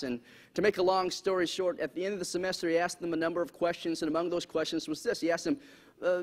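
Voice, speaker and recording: A man giving a humorous public talk in a lecture hall, asking the audience questions as he goes. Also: high-pitched. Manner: lively, asks the audience questions. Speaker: speaker. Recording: echoey hall, faint background noise.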